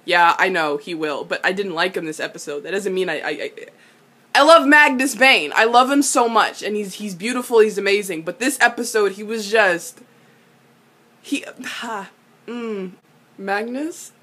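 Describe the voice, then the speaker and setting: Bright-voiced young woman, animated. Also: medium pitch, moderate pace. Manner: animated, exclamatory, swears and laughs often. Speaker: vlogger. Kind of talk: casual TV episode recap.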